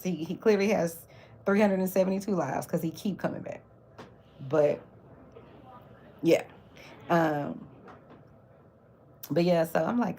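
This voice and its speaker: A woman's voice: fairly low pitch, animated, brisk, vocal fry, a little mellow, breathy edge. A woman hosting her own livestream, chatting casually about celebrity gossip with mocking asides. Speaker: livestream host.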